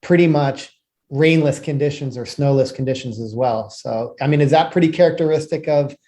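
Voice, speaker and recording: A man co-hosting a podcast, talking in a relaxed, chatty way full of "like" fillers. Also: mid-range voice, moderate pace. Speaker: podcast co-host. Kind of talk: casual conversational hosting.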